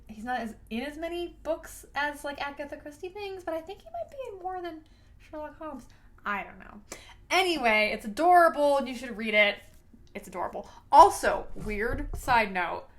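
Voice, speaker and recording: Female vlogger, high-pitched and bubbly, casual book-review chatter with lots of exclamations. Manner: gushing, animated, playful exclamations.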